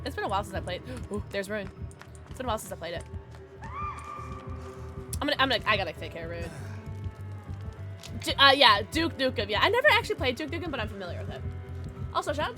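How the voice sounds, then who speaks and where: A woman streaming a game live, chatting with her viewers in a bubbly, excitable way, sometimes mumbling, sometimes shouting. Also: mid-range voice. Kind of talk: live gaming stream chat.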